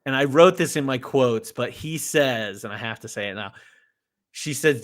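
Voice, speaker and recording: A man in casual conversation, retelling a film's scenes with lively energy. He slips into the characters' lines as he tells the story, and his voice rises and falls a lot. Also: medium pitch, brisk. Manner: animated, acts out quotes from scenes. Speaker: podcast co-host. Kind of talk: casual movie discussion.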